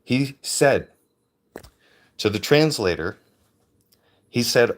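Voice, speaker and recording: A man's voice: fairly low pitch, moderate pace, pauses often. A man ranting in a heated, profane way into a handheld phone on a livestream. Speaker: veteran livestreamer. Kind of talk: angry livestream rant.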